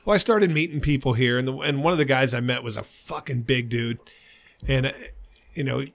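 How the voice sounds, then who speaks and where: Give me a middle-aged man with a gravelly edge telling crude stories in casual chat. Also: medium pitch, a little fast. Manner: crude, animated anecdote-telling with frequent swearing. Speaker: podcast co-host.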